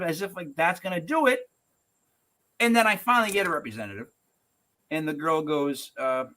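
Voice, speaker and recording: A man's voice: on the high side, moderate pace, long pauses. A man hosting a podcast, ranting animatedly and acting out the people he quotes. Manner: animated, ranting, acts out quotes in shifting voices. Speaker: podcast host. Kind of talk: casual podcast rant.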